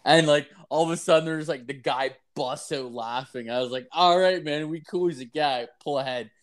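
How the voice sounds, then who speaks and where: A young man co-hosts a podcast, rambling through crude anecdotes laced with swearing and filler words. His voice sits at an ordinary middle pitch. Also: steady tone, brisk. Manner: profane, rambling, lots of fillers. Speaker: podcast co-host. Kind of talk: crude casual storytelling.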